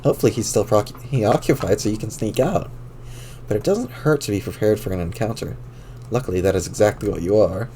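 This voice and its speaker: Mellow-voiced man reading a story aloud. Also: lowish voice, a little fast, a little hiss or hum. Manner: wry, amused, adds own comments. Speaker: streamer reading a webcomic aloud. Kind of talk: casual read-aloud narration.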